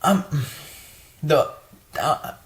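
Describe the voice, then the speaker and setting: A young woman store worker ranting in a casual vlog, swearing often and exasperated, full of fillers. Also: very slow.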